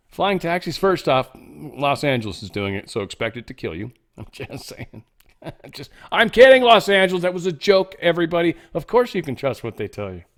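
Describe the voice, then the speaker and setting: A man's voice: fairly high pitch, a bit bright. A man hosting an online show, commenting on the news in a chatty way with joking asides and frequent fillers. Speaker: show host.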